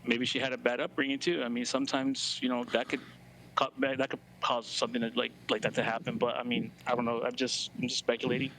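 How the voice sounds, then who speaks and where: A man's voice: mid-range voice, level tone, fast talker, fairly bright tone, slight background noise, poor audio. A man co-hosting a casual reaction show, speaking hesitantly with many restarts and sometimes dropping to a whisper. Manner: hesitant, restarts often, drops to a whisper when upset. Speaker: co-host guest.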